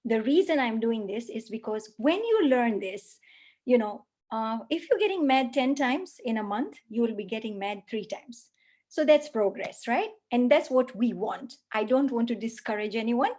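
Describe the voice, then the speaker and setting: A woman's voice: fairly high pitch, lively intonation, normal speed, a little mellow. A woman parenting coach giving an online lecture over a video call, earnest, often checking in with "right?". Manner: earnest, frequent tag questions like "right?". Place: online session with screen sharing.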